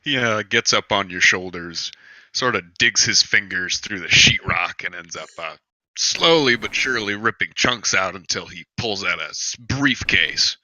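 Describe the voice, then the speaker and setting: A man narrating as game master in a tabletop game, halting, with many uhs. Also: low voice, pushed and bright, dry recording, poor audio.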